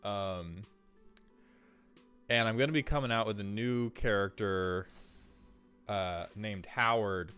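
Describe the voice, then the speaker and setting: Man, streamer, casual live chat, upbeat, deepish voice, faint music behind. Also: slow pace, long pauses, fairly bright tone, smooth. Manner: upbeat, greets chat viewers by name.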